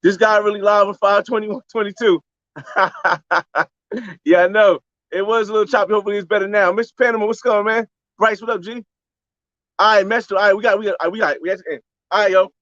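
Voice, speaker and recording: A young man live-streaming a casual travel vlog from a beach, talking loosely in slang and shouting out viewers on a handheld phone. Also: sits high, fairly even intonation, fast talker, no room sound. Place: outdoors on a beach by a boat landing. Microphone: phone camera held by hand. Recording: slightly dull lo-fi phone audio.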